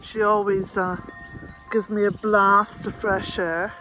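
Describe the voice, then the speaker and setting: An older woman, chatting to camera in a gentle, rambling way and chuckling often. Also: medium pitch, level tone, takes it slowly, slight background noise. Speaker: vlogger. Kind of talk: casual chat to camera.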